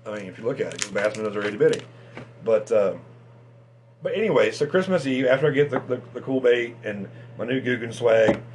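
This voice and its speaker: A man hosting a fishing channel, chatting casually and excitably about tackle, with lots of restarts and fillers. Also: medium pitch, fairly quick, a little hiss or hum.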